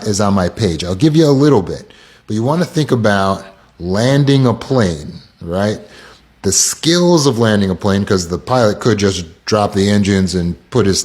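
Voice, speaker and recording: A man's voice: fairly low pitch, a little mellow. A man with an American accent giving a casual self-help talk, acting out quoted lines in shifting voices.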